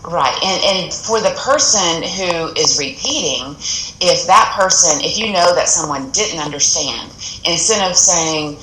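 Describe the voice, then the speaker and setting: A woman's voice: sits low, expressive, a little slow, a bit bright, roomy sound, slight background noise, poor audio. A woman appearing as a guest on a TV talk segment, explaining practical tips earnestly and often restarting her sentences. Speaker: audiologist guest. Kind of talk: TV interview advice.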